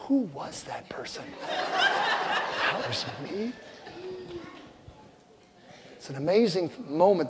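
An older man preaching a sermon as a pastor, telling stories with loud punchlines and soft asides. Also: fairly high pitch. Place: church sanctuary. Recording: long hall reverb, faint crowd ambience.

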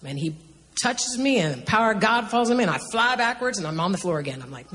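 A woman telling an animated personal testimony as a guest, laughing often and rushing through her story. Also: mid-range voice. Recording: reverberant hall, faint background noise.

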